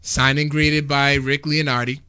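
A man's voice: mid-range voice, unhurried, clean tone. A man in casual chat, animatedly telling convention stories and acting out what people said. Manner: animated storyteller, laughs often, acts out quotes. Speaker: podcast guest recounting a convention.

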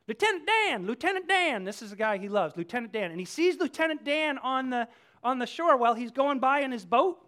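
A pastor preaching a sermon, telling the story with animated swings from hushed to loud. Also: mid-range voice.

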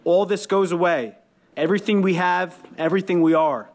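A man's voice: high-pitched, normal speed, a little mellow, pitched above the performer's own voice. Nervous young salesman, earnest and solemn, read by a man.

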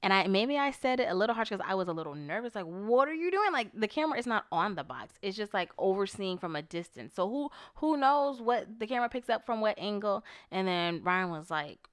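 A woman's voice: mid-range voice, animated, brisk, few pauses, clean tone, no room sound, studio quality. A woman co-hosting a casual couples podcast, telling her side of a story and quoting herself and her partner. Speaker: podcast co-host.

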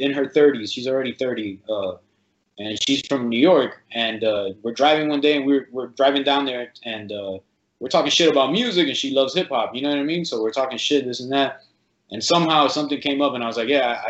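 A man's voice: medium pitch, roomy sound, dull audio. A man who coaches fighters, telling a long story in casual, profane, rambling chat and acting out what people said. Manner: rambling, profane, animated storytelling with quoted voices.

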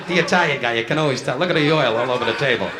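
A man doing insulting stand-up crowd work on a nightclub stage, firing barbs at audience members. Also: medium pitch. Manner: insulting, rapid-fire banter with the audience. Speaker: stand-up comedian. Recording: noisy 1960s live album recording.

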